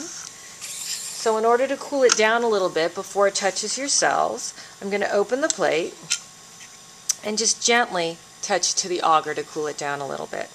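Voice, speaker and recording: A woman giving a calm, step-by-step biology lab demonstration as an instructor. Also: medium pitch, a little hiss or hum.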